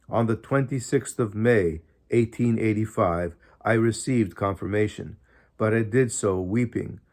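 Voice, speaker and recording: A man reading a diary aloud in an earnest, measured way, pausing often. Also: on the low side. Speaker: audiobook reader. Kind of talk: scripted narration of a diary.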